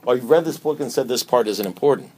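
A man in the middle of a speaker talk at a recovery meeting, with a voice of ordinary pitch for a man. He preaches in an emphatic way and fires off rhetorical questions. His delivery swings between loud bursts and hushed asides. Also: fast talker.

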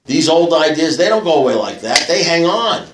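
A man's voice: fairly high pitch, lively intonation, moderate pace, echoey room, background noise. A man telling a long story to a recovery meeting, rambling with many fillers and blunt, profane humour. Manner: rambling, full of "you know" fillers. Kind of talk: storytelling talk to a live audience. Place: meeting room with an audience.

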